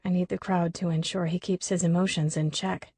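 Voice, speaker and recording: A woman reading a first-person audiobook in an even, expressive storytelling voice. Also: on the low side, a little fast, slightly rough, no echo. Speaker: audiobook narrator.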